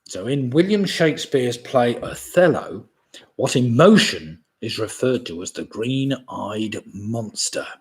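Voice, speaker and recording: A man in his sixties with a mid-range voice hosts a live-streamed pub quiz from home, his delivery bouncy and up-and-down. He reads each question slowly and deliberately, then says it again. Between questions he chats casually, chuckling often and making relaxed asides about beer.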